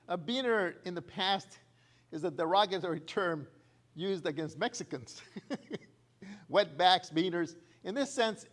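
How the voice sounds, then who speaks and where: An older man giving a prepared speech at a speaking club, telling anecdotes and laughing at his own jokes. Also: high voice.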